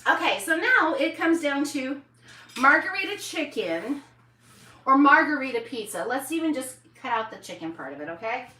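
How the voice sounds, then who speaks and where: A woman's voice: high-pitched, big pitch swings, normal speed, sharp tone, recorded from a distance. Chatty woman in an echoey kitchen. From United States. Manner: chatty, folksy, talks to viewers directly. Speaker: cooking show host. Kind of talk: live cooking demonstration. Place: home kitchen.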